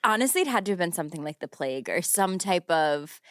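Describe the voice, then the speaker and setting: A woman's voice: on the low side, very animated, fast talker, a bit bright, dry recording, clean studio sound. A woman co-hosting a podcast, telling stories in a giggly, casual chat full of fillers. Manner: giggly, storytelling with lots of fillers. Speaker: podcast co-host.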